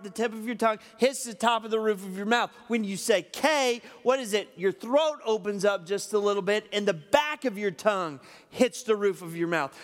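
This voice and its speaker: Folksy preacher, high voice, big reverberant church hall. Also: male voice, a bit bright. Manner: folksy, repeats "okay?" often. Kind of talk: sermon with illustration.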